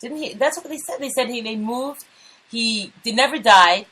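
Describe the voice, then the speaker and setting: A woman's voice: fairly high pitch, animated, moderate pace, pushed and bright, slightly rough, low-quality recording. A woman co-hosting a casual talk show, teasing and playful in her banter. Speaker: show co-host.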